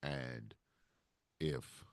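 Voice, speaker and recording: A man's voice: rumbling low, steady tone, very slow, vocal fry, dry recording. A man hosting a podcast in a casual, rambling and heartfelt way, often restarting his sentences. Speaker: podcast host. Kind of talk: casual solo talk.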